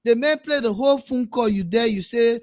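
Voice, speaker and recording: A man's voice: very high voice, fairly quick, dry recording, clean studio sound. A man playing a teasing politician on a call, then a scolding friend, in a comedy skit. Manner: teasing, mocking repetition.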